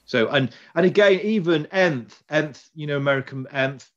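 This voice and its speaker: A man's voice: fairly high pitch, moderate pace, a bit bright, muffled recording. A man, hosting a casual podcast chat and rambling through restarts. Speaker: podcast host.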